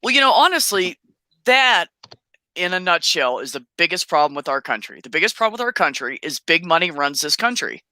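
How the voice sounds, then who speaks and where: A woman chatting casually, telling stories in a blunt, animated way with some swearing. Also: lowish voice, a little fast, dry recording. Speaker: host. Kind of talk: casual chat.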